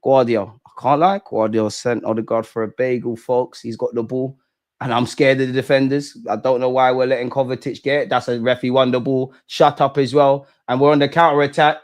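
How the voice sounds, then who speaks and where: Young man, live football reaction, slangy banter, loud then muttering, medium pitch. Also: fairly quick. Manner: excitable, swings from loud shouting to muttering; slangy banter, swears at the screen. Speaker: football fan watch-along host. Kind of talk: live match reaction commentary.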